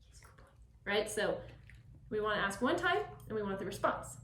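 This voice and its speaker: A woman dog trainer explaining a puppy session, switching between calm explanation and high, bright praise for the dog. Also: a little fast. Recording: echoey, from a distance.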